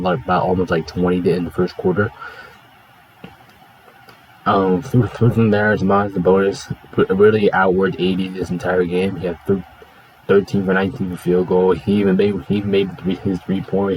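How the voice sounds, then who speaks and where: A man's voice: sits low, a little mellow, a little hiss or hum, low-quality recording. A man hosting his own video, talking through sports results in a casual, offhand, chatty way.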